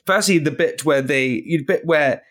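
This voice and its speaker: A man in his thirties from England, a podcast guest chatting casually and telling excitable, animated stories with bursts of laughter. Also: a little high, normal speed. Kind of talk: casual chat.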